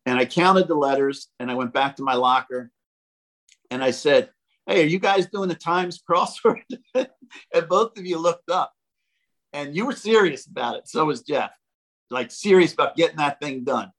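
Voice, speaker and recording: An older man, a former ballplayer, telling animated stories as a podcast guest and acting out the quotes. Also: mid-range voice, moderate pace, low-quality recording. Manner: animated, jokey storyteller who acts out quotes. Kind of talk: casual storytelling.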